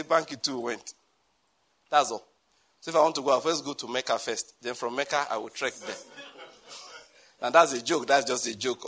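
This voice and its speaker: A man with a Nigerian accent delivers a church sermon. His voice is bright and sits a little high. He moves between stern warnings and joking asides, laughing at his own lines. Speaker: pastor.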